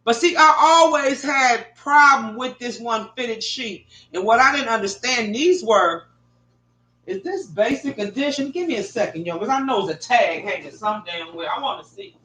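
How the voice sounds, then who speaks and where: A middle-aged woman rambles through a story to her viewers, swearing freely and talking in an animated way. Her voice is bright and forceful. The bedroom where she records sounds echoey. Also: fairly high pitch, normal speed. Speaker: vlogger. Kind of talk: casual profane storytelling to viewers. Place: bedroom at home. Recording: echoey room.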